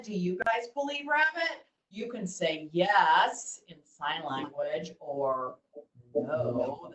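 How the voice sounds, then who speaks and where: Animated woman telling kids a story. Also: medium pitch, a little hiss or hum. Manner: animated, asks the kids questions. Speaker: children's storyteller. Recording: roomy, distant mic.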